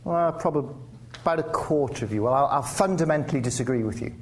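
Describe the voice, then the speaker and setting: Speaking fast in a voice on the high side, this English guest speaker keeps his lecture-theatre talk conversational. He drops in dry, wry remarks and often restarts sentences, while faint hall noise sits in the background.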